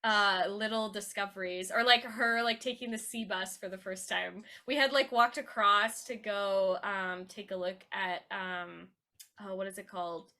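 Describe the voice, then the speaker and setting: A woman's voice: mid-range voice, steady tone, measured pace, bright, forceful tone. A woman co-hosting a podcast, chatting casually with lots of fillers and laughter. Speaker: podcast co-host. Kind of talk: casual chat.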